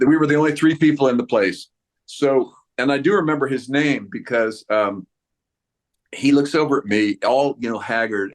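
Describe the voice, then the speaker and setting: Man in his 70s, interview guest, lively anecdotal tone, teasing humor. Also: medium pitch. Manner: animated, playful, self-mocking. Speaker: actor guest.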